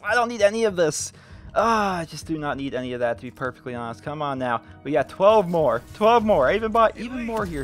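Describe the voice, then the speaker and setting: A young man giving gameplay commentary while opening loot drops, talking in an animated, exasperated, pleading way. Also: high-pitched. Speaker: gaming YouTuber.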